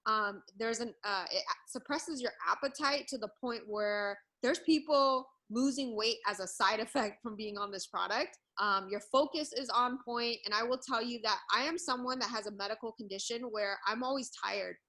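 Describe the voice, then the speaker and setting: A woman in her thirties presents products on a video call in a cheerful, upbeat way, often laughing mid-sentence. Her voice is bright and ringing, pitched a little high. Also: moderate pace, few pauses, low-quality recording. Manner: upbeat, laughs between words.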